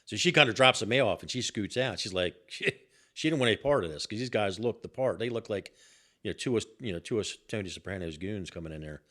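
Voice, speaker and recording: An older man telling a story on a podcast in an animated, profane way and repeating himself as he goes. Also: fairly low pitch, fast. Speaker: guest, host's father.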